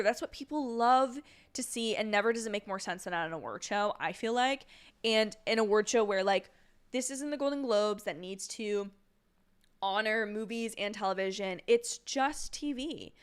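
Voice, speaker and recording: A young woman hosting a casual watch-along livestream, chatty and rambling, with quick apologetic asides and a sleepy edge. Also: mid-range voice, clear, resonant tone. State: sleepy, yawning. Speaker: livestream host.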